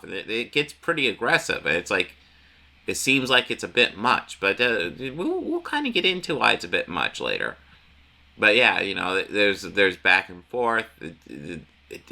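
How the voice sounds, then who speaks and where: A man's voice: on the low side, sing-song, normal speed, gravelly, pushed and bright. A man casually recapping a comic book issue, rambling with frequent restarts and the odd swear word.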